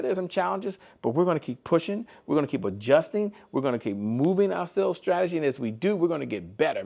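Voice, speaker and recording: Energetic preachy male business host. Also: medium pitch, vocal fry. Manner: energetic, preachy, repeats slogans. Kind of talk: motivational business talk.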